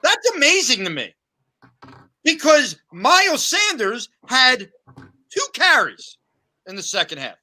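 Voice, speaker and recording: A man co-hosting a sports podcast, talking in an animated, sarcastic, conversational way. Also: very high voice, slow pace, long pauses. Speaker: podcast co-host. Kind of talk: opinionated sports podcast talk.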